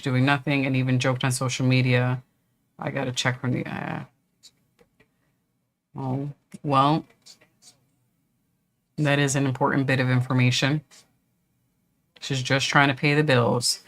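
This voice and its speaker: A woman's voice: very deep voice, level tone, a little slow, long pauses. A woman hosting a livestream, chatting casually and reading out viewer comments. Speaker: livestream host.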